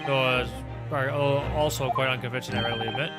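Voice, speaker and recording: A man's voice: mid-range voice, fairly even intonation, fast, lightly acted. A man voicing a flamboyant, self-assured male detective who talks in a theatrical, grandiose way. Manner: theatrical, grandiose, fond of flourishes. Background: loud game music.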